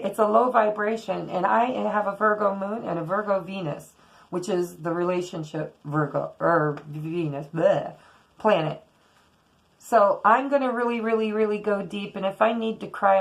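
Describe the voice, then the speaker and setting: A woman's voice: medium pitch, vocal fry, poor audio. A woman doing a casual tarot reading, giving blunt and earnest spiritual advice with the odd swear word. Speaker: tarot reader.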